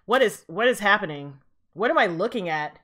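A woman's voice: medium pitch, expressive, brisk, over loud music. A woman hosting a reaction video, chatting casually with playful, exclaiming asides.

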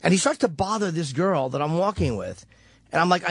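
A man with a fairly high voice tells a rambling, profane story on a talk radio show. The studio sound is bone-dry, close on the mic with no room around him. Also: lively intonation, fast talker, husky, no echo. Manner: profane, rambling, vivid retelling.

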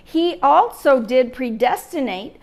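Woman Bible teacher, unhurried emphatic delivery, gravelly edge. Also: sits high, lively intonation, darkish tone. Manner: slow, emphatic teaching with rhetorical questions. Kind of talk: church Bible lesson.

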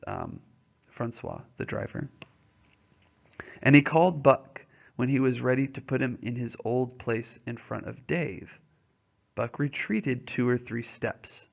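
A man's voice: mid-range voice, gravelly. A male teacher reading a novel aloud and explaining it to students in a patient, informal way, often checking their understanding with questions. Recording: dull lo-fi recording.

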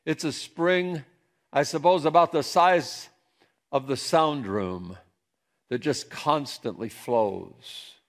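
A male pastor delivers a sermon in a gravelly voice. He preaches slowly and emphatically and swings between hushed and raised passages. He is from central Pennsylvania. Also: on the high side.

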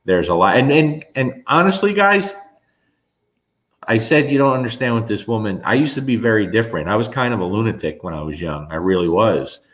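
Speaking fairly quickly in a voice on the low side, a middle-aged New Jersey man hosts a casual chat with viewers. He's an animated teller of stories who rambles and keeps restarting.

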